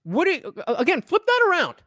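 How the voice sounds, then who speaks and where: A man's voice: very high-pitched, wildly swooping pitch, quick pace, bright, forceful tone, no room sound, studio quality. A man reacting to podcast clips on a live stream, sarcastic and mocking as he picks their arguments apart.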